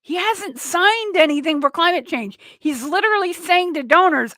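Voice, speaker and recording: A woman's voice: very high voice, lively intonation, normal speed, few pauses, fairly bright tone, no room sound. A woman hosting a political talk radio show, ranting with sarcastic indignation.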